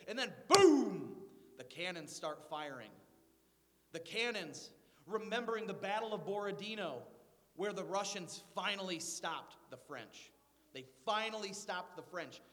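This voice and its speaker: High-voiced guy preaching a sermon, lively storytelling, lots of stumbles and restarts, big echoey church. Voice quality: animated storytelling, frequent word restarts. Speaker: pastor. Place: church sanctuary. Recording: echoey church hall with long reverb.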